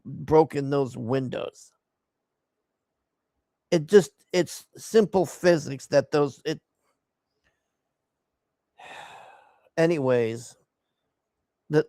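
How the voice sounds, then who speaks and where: Man, gravelly voice, dry close sound, exasperated profane movie rant. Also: on the high side, darkish tone, no echo. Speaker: movie reviewer. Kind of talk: casual ranting movie recap.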